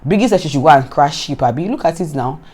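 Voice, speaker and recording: Animated Nigerian woman vlogger. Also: low-pitched, quick pace. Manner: animated, exasperated, repeats words. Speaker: vlogger recapping a reality show. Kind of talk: casual commentary.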